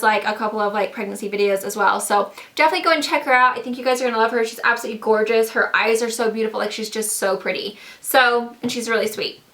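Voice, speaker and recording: In her casual product haul vlog, a young beauty and lifestyle vlogger raves about favorite fall finds, filling her bubbly talk with "like" and "so cute." She speaks in a fairly high, sharp-toned voice with a slight lisp caused by dental trays.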